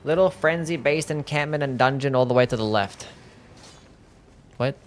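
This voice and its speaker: A man's voice: medium pitch, normal speed. A young man streaming a game live, talking casually, swearing and reading chat aloud. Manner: laid-back, swears, reads chat aloud. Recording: faint music behind.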